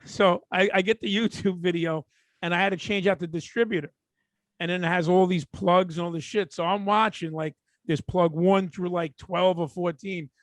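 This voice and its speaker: A man's voice: high voice, fairly even intonation, normal speed, no echo. A man with a New York accent, co-hosting a podcast, chiming in with profane quips and telling his own stories. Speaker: podcast co-host. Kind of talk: casual podcast banter.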